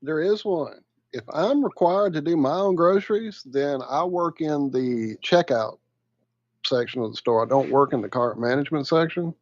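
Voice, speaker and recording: A man's voice: fairly high pitch, lively intonation, normal speed, no echo, muffled recording. A man co-hosting a podcast, chatting casually with a wry, sarcastic edge. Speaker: podcast co-host. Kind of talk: casual chat.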